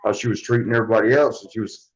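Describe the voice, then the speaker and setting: A man's voice: lowish voice, fairly even intonation, very fast, muffled recording. Rambling man telling wrestling stories. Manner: rambling, swears freely, acts out quotes of others. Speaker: interview guest, former wrestler. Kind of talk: casual storytelling.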